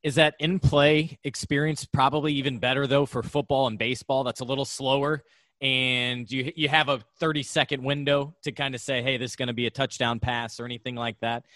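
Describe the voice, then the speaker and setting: A male podcast host asks questions conversationally. His voice is bright and forward, and the recording is dry and close. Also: mid-range voice, fairly even intonation, brisk, no echo. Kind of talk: podcast interview.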